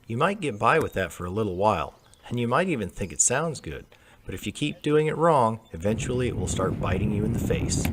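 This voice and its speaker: A man's voice: medium pitch, a bit bright. American man teaching pronunciation patiently. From United States. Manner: demonstrates sounds, measured and patient. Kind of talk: explanatory lesson with demonstrations.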